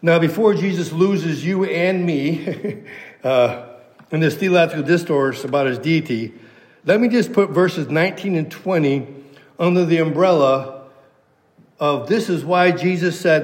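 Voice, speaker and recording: A man's voice: mid-range voice, long reverb tail. A man preaching an expository sermon who teaches verse by verse and stresses key phrases through repetition. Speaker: pastor.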